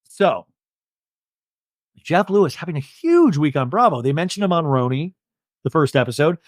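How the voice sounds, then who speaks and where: A man's voice: a little high, big pitch swings, moderate pace, dry recording. Young guy podcast host gossiping, voice jumps all over, kinda tired, dry mic. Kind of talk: casual chat.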